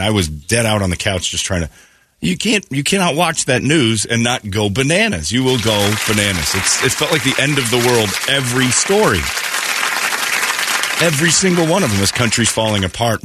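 A male morning radio host with a sore throat, chatting casually and sardonically. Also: lowish voice. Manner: animated, sardonic, often quotes others mockingly. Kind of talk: casual chat, wry storytelling.

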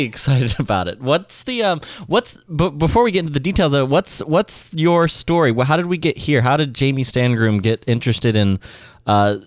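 A man's voice: mid-range voice, dry recording. A man hosts a podcast interview, asking questions with keen, upbeat energy. The recording is dry and close, with no room sound. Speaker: podcast host interviewing a guest.

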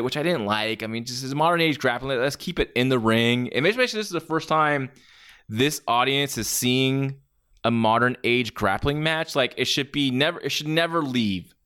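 A man talks through his opinions in a casual, off-the-cuff way, full of restarts and filler words. His pitch swings up and down in an animated way around a mid-range voice, and his judgments come out blunt. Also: smooth. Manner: rambling, many fillers and restarts. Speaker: wrestling match reviewer. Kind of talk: casual spoken review.

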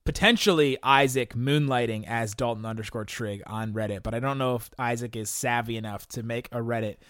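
A man's voice: mid-range voice, fairly quick, fairly bright tone, no echo, clean studio sound. A young man hosting a podcast, chatting casually through listener questions, rambling with frequent laughs and restarts. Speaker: podcast host.

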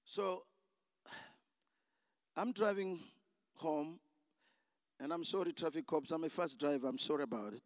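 Preacher guy, high gravelly voice, super animated, dry close sound, goes from hushed to shouting. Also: unhurried, pauses often, no echo. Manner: dramatic storytelling preacher, acts out dialogue, bursts into shouts. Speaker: pastor. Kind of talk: sermon.

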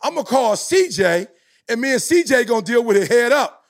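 A high-voiced man in his forties holds forth on a podcast like a motivational preacher. His delivery is emphatic and rhythmic, often swelling into near-shouts to hammer a point home. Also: very animated, a little fast, creaky. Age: 40s. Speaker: motivational speaker, podcast host. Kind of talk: passionate podcast talk.

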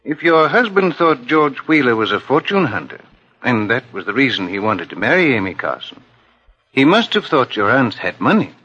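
An actor playing a calm, persistent detective asking measured questions in a 1950s radio drama. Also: male voice, medium pitch, slightly rough, full character voice. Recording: lo-fi old radio broadcast.

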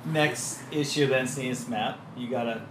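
A man's voice: medium pitch, fairly even intonation, normal speed. A man co-hosting a podcast, laid back, chiming in with short reactions and laughs during casual banter. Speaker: podcast co-host. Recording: roomy, faint background hiss.

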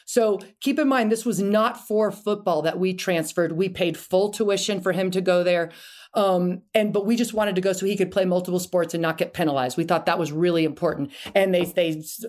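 Chatty middle-aged woman telling stories. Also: medium pitch. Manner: chatty, animated, many restarts and asides. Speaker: podcast guest. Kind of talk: casual interview storytelling.

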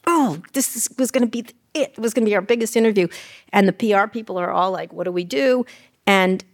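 Blunt, fast-talking woman telling stories. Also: mid-range voice. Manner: fast, irreverent, profane anecdotes with impressions. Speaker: host and memoir author being interviewed. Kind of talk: candid storytelling on stage. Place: live event stage.

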